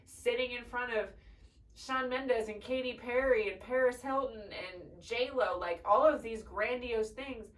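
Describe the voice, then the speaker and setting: A woman's voice: fairly high pitch, unhurried, recorded from a distance, low-quality recording. A young woman hosting a podcast, chatting candidly and emotionally, swearing freely and choking up at times. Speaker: podcast host. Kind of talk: casual personal chat.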